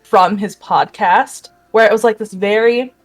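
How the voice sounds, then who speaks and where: A woman hosting a casual chat, enthusiastic and quick to laugh. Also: medium pitch, soft background music. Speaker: host.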